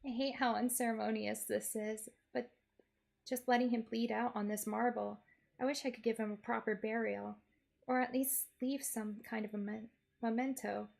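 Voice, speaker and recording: A woman's voice: on the high side, steady tone, moderate pace, gravelly, a little mellow. A woman streamer narrating a game in character, in a wry, playful first-person storytelling manner.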